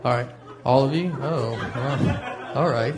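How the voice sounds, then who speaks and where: A man from Tennessee with a Southern accent, telling a stand-up comedy set in a laid-back, deadpan way with hesitant fillers. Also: medium pitch, slow pace, over music, a crowd in the background. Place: live comedy venue with audience. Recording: echoey live venue with audience laughter.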